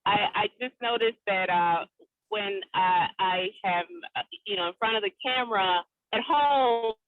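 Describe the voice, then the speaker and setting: A woman on a team call, speaking quickly and eagerly while she drives, heard over a phone. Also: mid-range voice, no echo. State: driving. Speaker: real estate agent on a team call. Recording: tinny dry phone line.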